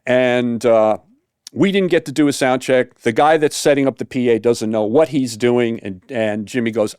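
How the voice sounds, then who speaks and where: A man, a saxophone tutor, casually telling a story in an animated way with many fillers, acting out the quotes. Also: medium pitch, moderate pace, no echo, studio quality.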